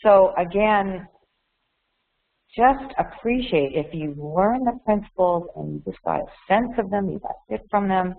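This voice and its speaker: A woman's voice: medium pitch, animated, unhurried, gravelly. A woman talks openly and reflectively to a webinar group, often doubling back on her words. Her voice comes through a thin, phone-like line. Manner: candid, repeats words and restarts often. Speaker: webinar speaker.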